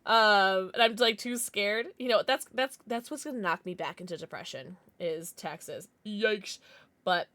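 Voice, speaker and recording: Unhurried and mid-range in pitch, a young woman streams live, chatting easily with her chat, thanking viewers and squealing excitedly.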